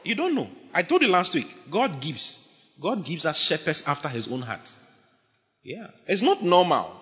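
Animated pastor in echoing hall. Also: male voice, medium pitch, a little fast. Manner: animated, emphatic, often shouting and laughing. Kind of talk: sermon. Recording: long hall reverb.

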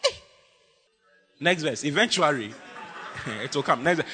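A man preaching a lively, humorous sermon as pastor, teasing his congregation with bursts of shouting. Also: high voice, moderate pace, pauses often, in a large hall.

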